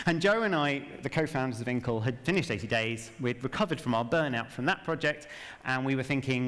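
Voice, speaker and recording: A man's voice: mid-range voice, quick pace, fairly bright tone. A man giving a talk on stage with no notes, chatty and self-mocking, dropping wry jokes along the way. His voice sits mid-range and rings with the long reverb of a large event hall. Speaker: game narrative director giving a talk. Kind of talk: conference talk without notes.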